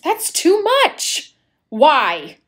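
A proud, fiery young widow, as a woman acts her out, haughty and cutting in tone. She speaks slowly with a lively, rising and falling, slightly high voice. An amateur audio-play reading. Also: heavily acted. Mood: scornful. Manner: haughty and cutting, then wavering. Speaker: actor in a community audio play. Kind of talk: amateur radio play acting.

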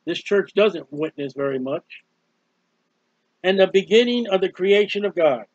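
A man's voice: sits high, expressive, unhurried, long pauses, no room sound. A man preaching a fiery sermon, scolding and mocking his listeners. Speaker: street preacher. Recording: dull, dry lo-fi recording.

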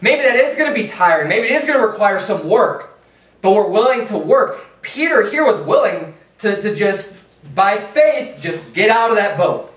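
Heard from a distance in an echoey church sanctuary, this preacher's voice sits high and fairly bright, very animated but at a normal speed. His sermon is casual and conversational, peppered with rhetorical asides and repeated calls of "right?" and "hey."

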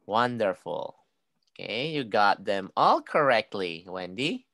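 A woman teaching an online phonics class to a young child, modelling words slowly and clearly and praising each answer. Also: extremely low pitch, big pitch swings, fairly bright tone, no echo, clean studio sound.

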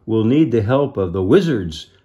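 A man voicing a kind, earnest young prince, speaking gently in a raised voice. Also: fairly low pitch, big pitch swings, moderate pace.

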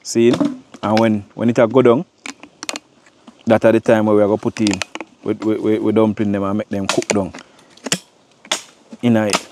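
A man with a somewhat low voice talks his viewers through a cooking demonstration outdoors, calling out to them as he goes. His tone stays casual and chatty. Clear background noise from the outdoor setting runs under the recording. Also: little pitch movement, moderate pace, long pauses. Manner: chatty, addresses viewers directly as "my people". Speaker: cooking vlogger.

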